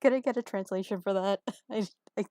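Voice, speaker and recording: A woman's voice: mid-range voice, warm tone, no echo, clean studio sound. A woman playing a tabletop game who laughs often between her lines. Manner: giggly, slow-spoken. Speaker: player.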